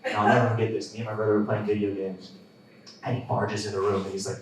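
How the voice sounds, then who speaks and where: A man's voice: on the low side, flat delivery, quick pace, very echoey, recorded from a distance, a little hiss or hum, poor audio. A young man doing a live stand-up set, telling stories in a casual way with lots of fillers and laughs. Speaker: stand-up comedian. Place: comedy club stage.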